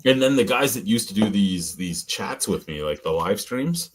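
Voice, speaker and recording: A middle-aged man hosts a loose live-stream chat in a husky, somewhat low voice. He tells his stories bluntly, swearing freely and laughing along the way. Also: expressive, moderate pace. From Ottawa Valley, Canada. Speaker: podcast host.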